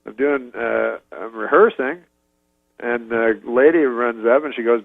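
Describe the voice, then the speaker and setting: A man, a comedian, telling a long rambling story in a halting, deadpan way and chuckling now and then. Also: mid-range voice, gravelly, no echo. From Canada. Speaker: comedian guest. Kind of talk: rambling storytelling on a radio interview. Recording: dull dry lo-fi radio recording.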